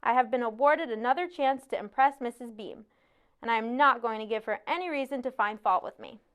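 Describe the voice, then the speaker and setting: A woman reading a novel aloud in a measured first-person narration. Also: a little high, a bit bright, clean tone. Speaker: audiobook narrator. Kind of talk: scripted narration.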